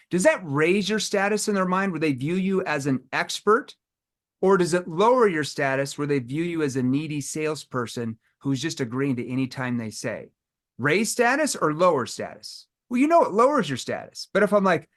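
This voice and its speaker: A middle-aged man leading a live sales training, acting out sales calls with lively energy. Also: sits high, moderate pace. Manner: energetic, role-plays scripted sales calls.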